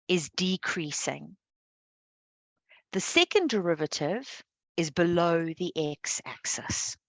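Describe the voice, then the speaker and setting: A woman's voice: lowish voice, no echo. A woman teaching a live online maths lesson, explaining patiently and checking understanding with a frequent "okay". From South Africa.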